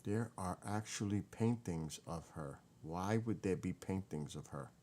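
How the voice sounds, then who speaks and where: Deep-voiced man, emotional vlog. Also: measured pace, a little hiss or hum. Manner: emotional, excited, muttering while reading. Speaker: vlogger. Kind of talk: casual vlog, researching family tree.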